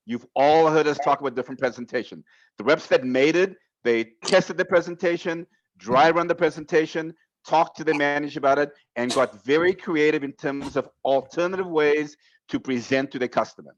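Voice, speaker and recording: A man's voice: a little high, brisk. Man coaching sales reps over a dull call line. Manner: emphatic, numbered points, direct address. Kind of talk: motivational talk on a team call.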